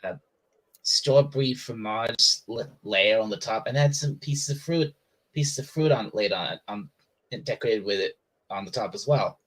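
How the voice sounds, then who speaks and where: A man's voice: on the low side, moderate pace, rough recording. A man in casual podcast chat who talks eagerly and restarts his phrases a lot.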